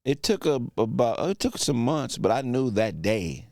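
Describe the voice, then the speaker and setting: A man's voice: medium pitch, sing-song, moderate pace, darkish tone, no room sound, clean studio sound. A man in his thirties hosting a podcast, telling loose, profane stories in casual chat. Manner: loose storyteller, swears, voices his own past lines. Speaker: podcast host.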